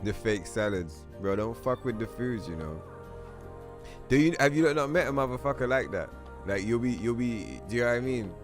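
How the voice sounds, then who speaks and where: A man's voice: medium pitch, lively intonation, moderate pace. A man chatting casually while streaming a game, telling rambling, profane stories and acting out other people's lines. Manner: rambling, profane storytelling with acted-out quotes. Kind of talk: casual gaming livestream chat. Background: game music.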